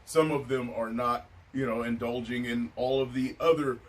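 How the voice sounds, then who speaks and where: Man of middle pitch, host, loose and reflective, off-mic with light hiss. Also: fairly even intonation, moderate pace. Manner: laid-back and musing, with many filler phrases. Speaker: podcast host. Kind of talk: casual stoner chat. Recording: distant mic with faint noise.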